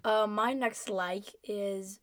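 A young woman co-hosting a casual chat, laughing often and reacting with quick agreement. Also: mid-range voice, fairly even intonation. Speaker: podcast co-host.

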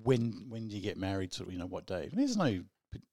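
A man's voice: deep voice, sing-song, brisk, dark tone, no room sound, clean studio sound. A man co-hosting a radio show, easygoing and agreeable, laughing often and trailing off mid-sentence. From Australia. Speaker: radio co-host. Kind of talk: casual on-air banter.

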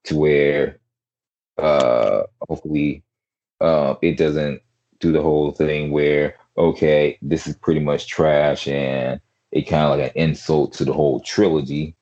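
A man's voice: rumbling low, little pitch movement, measured pace, a little mellow, lo-fi sound. A man hosting a podcast in casual chat, rambling with lots of fillers and restarts over an online call. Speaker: podcast host.

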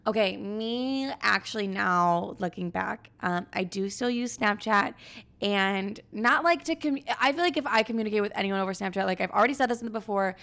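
Young woman podcast host, mid-pitched, casual, profane, ranty. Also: normal speed, vocal fry, fairly bright tone. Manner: profane, rambling, blunt opinions. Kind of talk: casual solo podcast chat.

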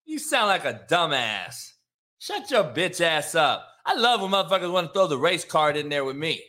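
Guy hosting his own live stream, kinda high bright voice, rambly and then cussing out the chat. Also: big pitch swings, normal speed. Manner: profane, confrontational ranting at chat; loose, rambling with fillers. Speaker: live show host. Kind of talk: casual live-stream talk.

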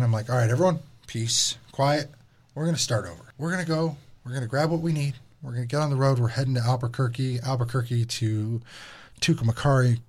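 A man's voice: mid-range voice, a little mellow. A young man casually telling a story as a podcast host, profane and exasperated, acting out his retelling.

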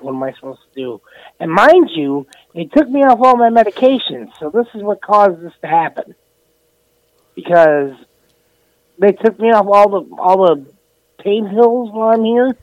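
A man's voice: high-pitched, no room sound, highs cut off. A man co-hosting a podcast from his bed, telling a crude story full of swearing. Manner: profane, mock-outraged. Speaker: podcast co-host. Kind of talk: casual crude chat. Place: in bed, remote from studio.

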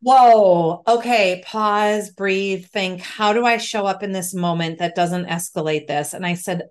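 A middle-aged woman retelling a hard personal story as an interview guest, animated and emotional, acting out the dialogue. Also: mid-range voice, a little slow, hardly any pauses.

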